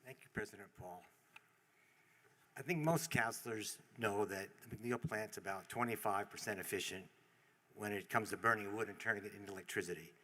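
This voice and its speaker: A man addresses a city council from the podium in a dry, wry storytelling manner. His voice sits on the low side and stays calm and conversational. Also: brisk. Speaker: public commenter. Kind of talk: public comment at a council meeting.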